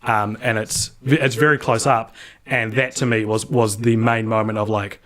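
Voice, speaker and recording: A man's voice: on the low side, flat delivery, normal speed, fairly bright tone. A young man co-hosting a casual podcast, chatty and often breaking into laughter mid-sentence. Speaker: podcast co-host.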